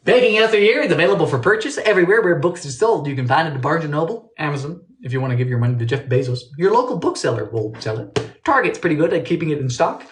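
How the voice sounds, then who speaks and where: A man's voice: animated, fast. British male baking host, playful, theatrical, swings his voice all over while reading comments. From Britain. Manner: playful, theatrical, jumps between high and low voices. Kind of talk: casual live-stream chat reading comments. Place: home kitchen.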